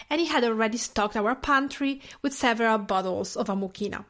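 Soft-spoken Italian woman hosting a podcast. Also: a little high. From Tuscany, Italy. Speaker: podcast host. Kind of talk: scripted podcast narration.

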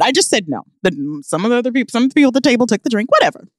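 Animated, lively woman telling a story. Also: a little high, rapid-fire, no room sound, studio quality. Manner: animated, emphatic storyteller who laughs often. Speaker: podcast co-host. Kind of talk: casual comedic storytelling.

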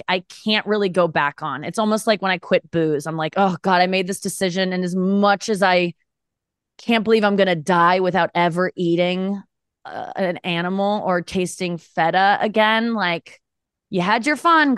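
A woman's voice: lowish voice, moderate pace, clean tone, no echo, clean studio sound. Candid rambling woman comedian. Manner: candid, rambling and self-mocking. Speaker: podcast guest, comedian. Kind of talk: casual podcast chat.

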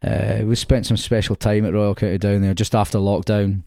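A man's voice: on the low side, level tone, brisk, warm tone, dry recording, studio quality. A man talking casually about golf courses as a podcast guest, chatty and laughing often, with stammering restarts.

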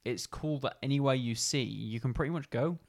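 A man's voice: mid-range voice, a little fast, gravelly. A man chatting casually about a video game in a laid-back, agreeable way, swearing now and then.

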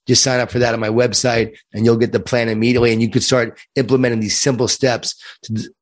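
A man from Long Island with a light New York accent, a guest in an interview who speaks in an earnest, upbeat way and repeats words while he thinks. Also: mid-range voice. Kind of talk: interview conversation.

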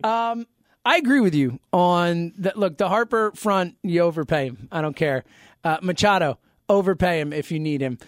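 A man's voice: sits high, moderate pace, no echo, studio quality. A man in his thirties co-hosting a sports podcast, talking in casual, teasing banter. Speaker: podcast co-host.

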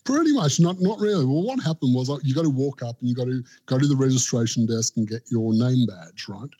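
A middle-aged Australian man tells a long, rambling story in a relaxed interview. His voice is mellow and dark, with an everyday pitch, and he slips into quoted voices as he goes. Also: a little fast. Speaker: barbecue pitmaster and guest.

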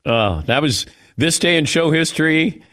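Lively-voiced male sports radio host. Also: fairly high pitch, a little slow. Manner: laughs often, argues back and forth.

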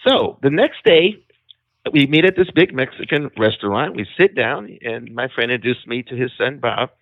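A man telling a dramatic personal testimony as a guest, calling in over the phone, emphatic and animated. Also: mid-range voice, moderate pace, no room sound. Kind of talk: storytelling testimony. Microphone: phone call. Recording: tinny phone line.

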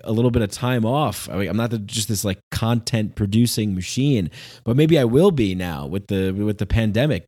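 A man hosting a podcast, talking in a loose, rambling monologue that turns sarcastic and animated. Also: lowish voice. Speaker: podcast host.

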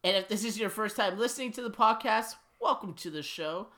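A man's voice: high-pitched, bright, forceful tone. A man hosting a podcast, chatting casually and teasing his co-host. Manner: teasing, quick to laugh. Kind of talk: casual chat.

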